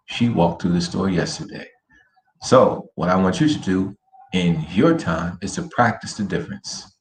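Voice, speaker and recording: A man teaching a Spanish lesson over a shared screen, slowly repeating words for students to copy. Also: low-pitched, lively intonation, a little hiss or hum. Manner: slow, drilling words by repetition. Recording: roomy echo with faint ambience.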